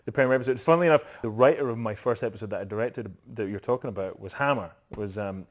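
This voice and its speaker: A man's voice: lowish voice, quick pace. A man from Scotland with a Scottish accent, chatting as an actor guest on a podcast, laughing easily and poking fun at himself. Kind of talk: casual podcast interview.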